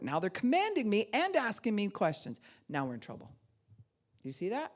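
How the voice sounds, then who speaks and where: A middle-aged woman pastor delivers a conversational teaching sermon in a low-sitting voice. She's animated, swinging between loud outbursts and soft, slow asides.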